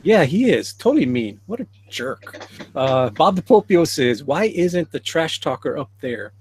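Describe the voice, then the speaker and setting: Male livestream host, a touch high, casual, reads chat aloud with frequent chuckles. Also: very animated, unhurried, darkish tone, a little hiss or hum. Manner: reads viewer comments aloud, chuckling often.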